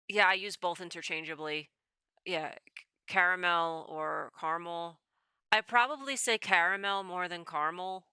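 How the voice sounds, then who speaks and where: A woman's voice: on the low side, gravelly, bright, forceful tone, smooth, dry recording. A woman streamer chatting casually as she takes a quiz, thinking aloud, rambling and often correcting herself. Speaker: VTuber streamer. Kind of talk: casual chat while taking a quiz.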